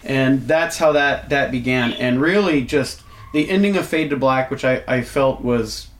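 A man of medium pitch, speaking a little slowly, works as a wrestling show booker and tells a story in casual chat. He swears freely, stays animated, and acts out the people he quotes, shouting included.

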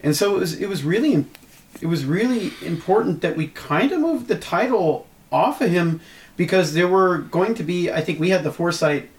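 A man's voice: sits high, lively intonation, moderate pace. Rambling man co-hosting a wrestling show. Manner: rambling, repeats words. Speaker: wrestling promotion co-host. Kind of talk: casual commentary over match footage.

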